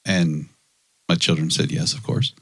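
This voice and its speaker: A man co-hosting a podcast, telling a family story in casual chat, animated and laughing often. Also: sits low, slow, husky. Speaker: podcast co-host.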